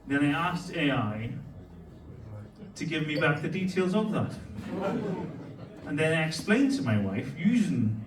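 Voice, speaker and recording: A man's voice: a little high, very animated, unhurried, long pauses, reverberant, recorded from a distance, poor audio. A young man doing a profane stand-up comedy set and chatting with the crowd. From Ireland. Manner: profane, brash, laughing at his own jokes. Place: comedy club stage with a laughing audience.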